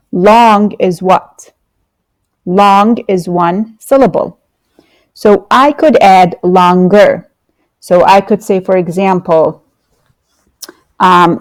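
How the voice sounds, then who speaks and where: Slow, patient woman teaching grammar. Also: lowish voice, no echo. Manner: patient, explains slowly with fillers and repetition. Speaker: English teacher. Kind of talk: online grammar lesson.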